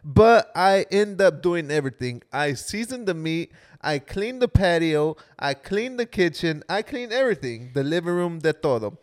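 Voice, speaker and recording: A man co-hosting a podcast, chatting casually into a studio mic. His voice sits a little high for a man. He is laid-back, laughs often and slips Spanish phrases into his talk. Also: animated, moderate pace. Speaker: podcast co-host. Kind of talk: casual chat.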